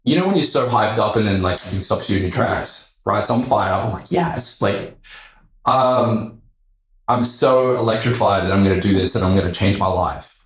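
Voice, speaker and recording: A man's voice: on the low side, normal speed. Man telling a story in an echoey room. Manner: animated, acts out quoted voices, swears casually. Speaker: podcast guest. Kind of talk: casual storytelling. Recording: roomy echo.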